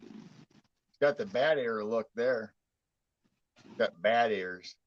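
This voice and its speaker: Man, casual ghost-hunting chat, middle pitch, teasing, lo-fi muffled. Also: extremely slow. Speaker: paranormal investigator.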